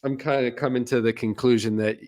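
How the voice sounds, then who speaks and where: Halting man hosting a podcast. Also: mid-range voice. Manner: halting, many restarts, relaxed. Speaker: podcast host. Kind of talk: casual podcast interview.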